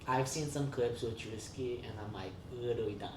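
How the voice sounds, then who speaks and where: A podcast co-host in casual chat, animated and quick to laugh, with lots of "like" fillers. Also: medium pitch, background noise. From Vietnamese heritage. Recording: roomy, distant mic with faint ambience.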